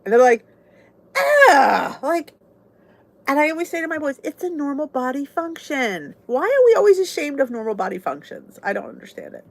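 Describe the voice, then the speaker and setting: Casting: middle-aged woman vlog host, chatty and candid, animated pitch swings. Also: brisk, gravelly. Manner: chatty and candid, laughs often, oversharing. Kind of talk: casual chat with viewers.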